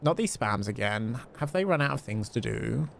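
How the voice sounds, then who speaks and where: A man's voice: medium pitch, lively intonation, normal speed, creaky, a bit bright, a little hiss or hum. A man streaming a game live, chatting casually with lots of fillers and laughs.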